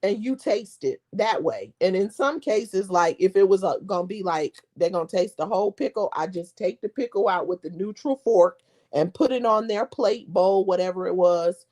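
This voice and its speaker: Chatty woman vlogger, lively storytelling. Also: mid-range voice, moderate pace. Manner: animated storyteller who mimics people; laughs often. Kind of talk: casual chat.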